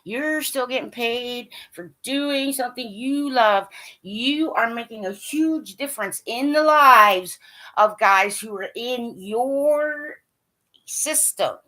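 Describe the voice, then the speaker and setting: Woman vlogger, high bright voice, blunt and profane, scolds like an angry fan. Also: takes it slowly. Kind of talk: ranting monologue to camera.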